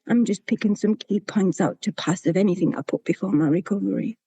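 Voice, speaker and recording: A woman's voice: mid-range voice, brisk, mellow, husky, no echo. A woman, telling her own recovery story to a meeting in a candid, plain-spoken way. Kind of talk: sharing a personal recovery story.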